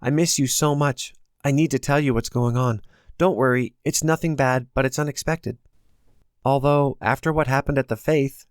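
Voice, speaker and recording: A man's voice: medium pitch, no echo, studio quality, lightly acted. A man voicing an earnest teenage girl who pleads and longs to talk, raised a little above his own voice in an audiobook. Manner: pleading and emotional.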